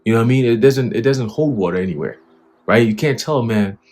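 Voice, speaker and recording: A man's voice: medium pitch, animated, fast, darkish tone. A man giving a fiery, profane religious commentary, reading from an article and mocking it with scornful laughs. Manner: profane, scornful, preachy, laughs at his own jabs.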